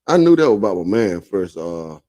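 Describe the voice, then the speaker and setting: A man's voice: sits low, sing-song, fairly quick, warm tone. A man co-hosting a casual podcast, joking around and laughing often, with many fillers. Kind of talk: casual chat.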